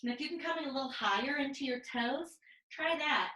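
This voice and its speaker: A woman leads a mat pilates class over a video call, her voice bright and fairly high. She cues each move and breath in a calm, step-by-step way, and the sound comes through a roomy, echoey space. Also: fairly quick. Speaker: pilates instructor. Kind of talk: cueing a live online mat class.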